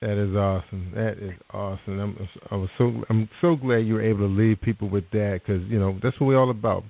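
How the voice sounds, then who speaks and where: A man's voice: lowish voice, fairly even intonation, a little fast, gravelly. A man hosting an internet radio show, upbeat and encouraging, with many ums and you-knows. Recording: muffled lo-fi sound.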